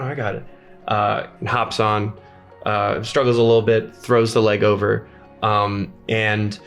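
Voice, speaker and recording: A man narrating a tabletop game as game master, halting, with many fillers. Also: lowish voice, a bit bright.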